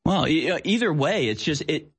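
A man's voice: fairly high pitch, animated, moderate pace, breathy edge. A man co-hosting a political commentary chat, talking in an insistent, ranting way. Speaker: co-host.

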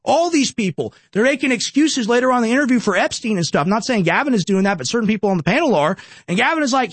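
Young male host, high voice, dry mic, emphatic ranting commentary with stacked rhetorical questions. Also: expressive, fast talker, a bit bright, slightly rough, no echo. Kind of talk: opinionated political commentary.

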